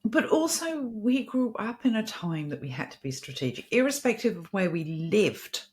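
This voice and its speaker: A woman's voice: mid-range voice, animated, normal speed, darkish tone. A middle-aged woman co-hosting a podcast, talking bluntly with frequent swearing and laughter. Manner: blunt, profane, laughing often. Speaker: podcast co-host. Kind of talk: casual podcast chat.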